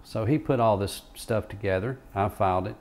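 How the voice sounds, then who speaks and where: Brief: an older retired lawyer reminiscing in an interview, unhurried anecdotes, chuckling between stories. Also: male voice, on the low side. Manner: rambling anecdotal, frequent fillers, chuckles. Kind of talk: oral history interview storytelling.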